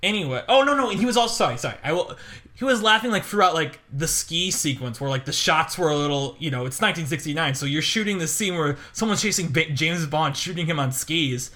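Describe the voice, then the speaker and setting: Bright-voiced man telling rambling stories. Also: on the high side, fairly quick. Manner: rambling, animated storytelling with many fillers and laughs. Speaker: podcast co-host. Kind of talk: casual chat.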